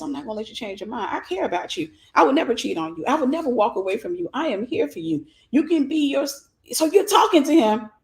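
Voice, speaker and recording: A woman minister giving an animated teaching sermon, acting out scenes and speaking straight to her listeners. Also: fairly high pitch. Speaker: minister and mentor.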